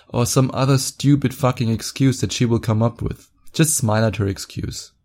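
A man's voice: medium pitch, moderate pace, few pauses, darkish tone. A young man hosting a podcast, talking in a blunt, profane, boastful way. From Germany. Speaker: podcast host. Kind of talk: casual monologue podcast.

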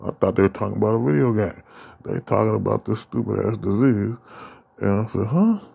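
Gravelly low-voiced man ranting. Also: steady tone, a little fast, warm tone. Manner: profane, rambling, acts out quoted exchanges. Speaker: podcast host. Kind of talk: casual ranting monologue.

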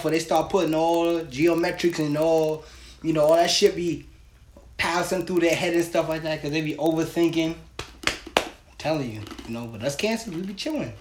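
A man co-hosting a casual podcast, brash and teasing, with a lot of loud laughter. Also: fairly high pitch, reverberant. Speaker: podcast co-host.

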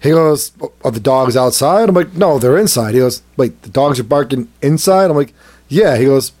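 A man telling a story in casual chat, animated and laughing often as he acts out what people said. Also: mid-range voice, moderate pace. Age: adult, has a son. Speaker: podcast co-host telling a story.

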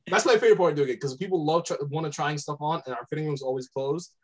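A man's voice: fairly high pitch, fast. A young man co-hosting a podcast, telling rambling stories in casual chat and laughing often. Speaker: podcast co-host.

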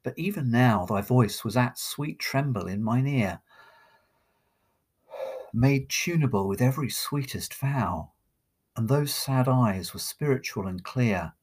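A man voicing a sorrowful young woman lamenting her lover, recited slowly as poetry. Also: medium pitch, animated, darkish tone, husky. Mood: pleading, sorrowful. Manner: slow, mournful verse recitation.

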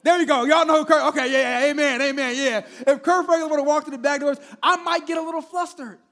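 Really high-voiced guy preaching a sermon, chatty with the congregation, goes loud then hushed. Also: steady tone. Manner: conversational preaching, repeating words and addressing the congregation directly; swings between loud emphasis and quiet, drawn-out words. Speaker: senior pastor.

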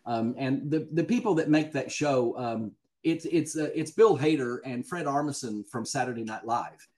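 Southern guy telling stories on a podcast, laughs a lot, regular pitch. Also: moderate pace, darkish tone. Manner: chatty storyteller, laughs often. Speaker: guest actor. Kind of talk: casual podcast interview.

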